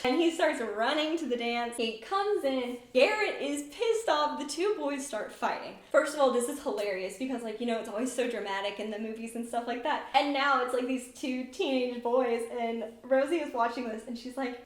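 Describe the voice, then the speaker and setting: A woman's voice: a little high, normal speed. A woman in a casual vlog reviewing a book, chatty and gushing, saying "like" a lot and acting out characters' lines. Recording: echoey room.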